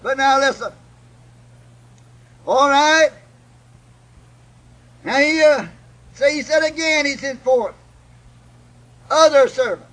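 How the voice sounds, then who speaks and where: A man preaching a sermon, putting a breathy "uh" between phrases. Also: extremely high pitch, slow pace, long pauses, a bit bright, low-quality recording. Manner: chanting, with "uh" after each breath and repeated "God bless your heart". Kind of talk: old-time preaching sermon.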